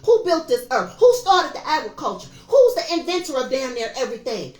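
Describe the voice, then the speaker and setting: A woman's voice: sits high, sing-song, fairly quick, a little mellow. A woman in her fifties giving a casual, preachy tarot reading, talking straight to her viewers. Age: 50s. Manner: emphatic, preachy, addresses viewers as y'all. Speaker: tarot reader. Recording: echoey room with faint music.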